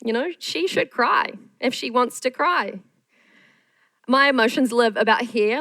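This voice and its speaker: A woman's voice: on the high side, a little slow, pushed and bright, no room sound, low-quality recording. A woman screenwriter giving a candid masterclass talk, frank and self-deprecating.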